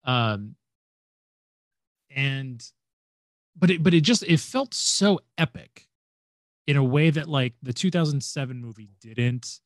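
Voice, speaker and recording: A man's voice: mid-range voice, expressive, takes it slowly, long pauses, dry recording. Chatty man with a dry close sound. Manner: chatty, rambling, with frequent fillers and restarts. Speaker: podcast co-host. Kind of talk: casual fan chat.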